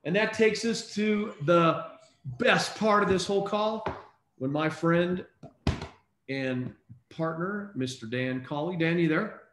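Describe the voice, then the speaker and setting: A man hosting a casual online call, reading out names in an upbeat, brisk way. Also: high voice, a bit bright, echoey room, a little hiss or hum. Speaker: host.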